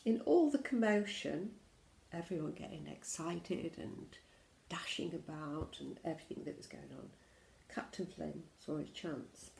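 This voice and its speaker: A woman teacher reading a picture book aloud to young children, with slow hushed asides about the pictures. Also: low voice, steady tone, creaky. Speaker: infant school teacher.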